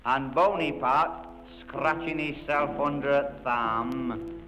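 Bloke doing a stubborn old yorkshire soldier of 102, slow droll telling, music going behind. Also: male voice, medium pitch, natural voice, low-quality recording. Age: older. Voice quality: broad dialect, droll storytelling. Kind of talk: comic monologue over music. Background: instrumental music.

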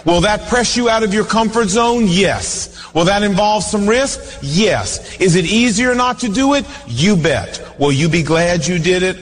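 A man preaching a sermon as pastor, earnest and animated, telling stories and acting out voices. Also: sits high, a little slow, few pauses, faint music behind. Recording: reverberant hall.

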